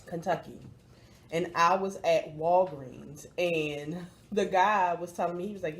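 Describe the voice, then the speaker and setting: A woman's voice: fairly low pitch, unhurried. A woman from Baltimore chatting to camera as a vlog host, cursing freely and talking straight to her viewers. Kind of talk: casual chat to camera.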